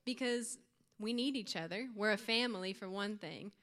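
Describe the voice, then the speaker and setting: A woman's voice: medium pitch, normal speed, a bit bright. A young woman giving an earnest, informal youth sermon to her church group, with light laughs. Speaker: youth speaker.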